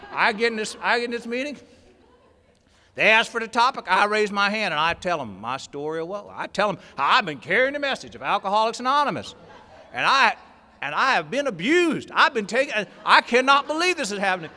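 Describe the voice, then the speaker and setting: A man telling a personal story to a convention audience, animated, swinging from loud, excited stretches to low, quiet asides. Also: brisk. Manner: animated storyteller, rising to near shouting, dropping low and quiet. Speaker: workshop speaker at a recovery convention. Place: large convention hall. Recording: long hall reverb.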